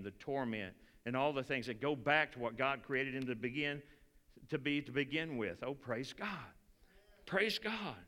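A man preaching a sermon in a church, animated and folksy, repeating phrases. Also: medium pitch, clean tone. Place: church sanctuary. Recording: church hall reverb.

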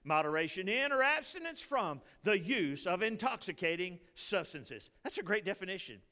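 A man with a Texan accent preaching a sermon as pastor, folksy and animated, telling stories to the congregation. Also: high-pitched, moderate pace, long reverb tail. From Texas.

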